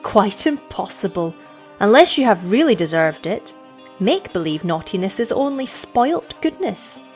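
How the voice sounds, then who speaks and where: A woman voicing a cool, scornful young village girl who speaks in a measured, superior way. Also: mid-range voice, very animated, a little mellow, faint music behind, lightly acted.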